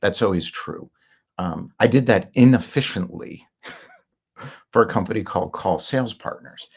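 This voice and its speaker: A man's voice: fairly low pitch, lively intonation, a little slow, gravelly, husky. A middle-aged man telling his own business story in a rambling, candid monologue, with fillers and short laughs. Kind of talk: casual monologue.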